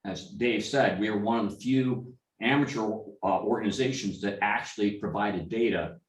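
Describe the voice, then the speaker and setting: A man's voice: on the low side, moderate pace. A middle-aged man telling rambling, anecdotal stories at an informal club meeting, with many restarts and asides. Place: meeting room. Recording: echoey room, speaker far from mic.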